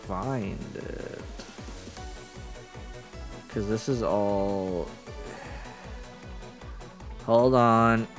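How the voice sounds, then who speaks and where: Male streamer, lively swings in pitch, casual and profane. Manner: animated, swears, jokes, thinks aloud. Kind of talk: casual game commentary.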